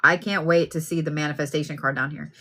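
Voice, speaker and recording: A woman giving a card reading in a chatty, plain-spoken way, full of animated asides. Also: deep voice, quick pace. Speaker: card reader.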